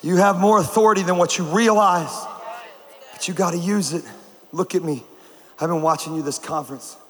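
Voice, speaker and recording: A man from North Carolina, a conference speaker, preaching with animated comic stories and laughing at his own jokes on a stage mic. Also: high voice, brisk, a crowd in the background. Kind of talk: sermon with comic storytelling. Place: large conference hall. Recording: echoey hall, faint noise.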